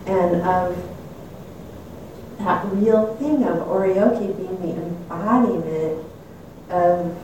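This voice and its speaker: A woman's voice: lowish voice, slow pace, long pauses, slight background noise. Older woman telling a story in an echoey room. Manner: animated and candid, laughing at herself. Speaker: speaker sharing a personal story. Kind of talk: reflective personal storytelling. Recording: echoey room, mic at a distance.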